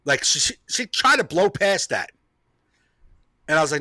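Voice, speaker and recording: A man's voice: on the high side, expressive, normal speed, pushed and bright, no echo. A man hosting a comedy podcast, telling a rambling story in casual chat, repeating himself and laughing often.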